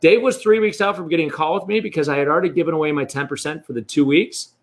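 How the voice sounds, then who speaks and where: A man's voice: fairly high pitch, fast talker. A man talking as a real estate coach in a candid interview, blunt and profane. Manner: blunt and profane, speaks freely.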